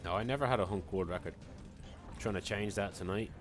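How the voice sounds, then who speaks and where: A man's voice: on the low side, quick pace, music in the background. A man streaming a speedrun, chatting casually with his viewers between moves and sounding tired. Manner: chatty, rambling, answering chat between moves. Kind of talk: casual live-stream chat while gaming.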